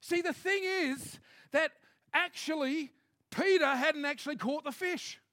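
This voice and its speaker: A man preaching a sermon to his congregation in a lively, joking, conversational way. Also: extremely high pitch, a little slow. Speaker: pastor. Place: church hall with a congregation.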